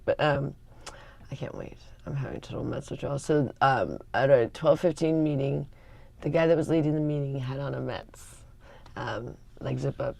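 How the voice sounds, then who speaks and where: A woman's voice: very deep voice, creaky, dark tone, no room sound. A woman vlogger chatting casually while she tidies, rambling with lots of fillers and restarts, sometimes dropping to a whisper. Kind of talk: casual morning chat.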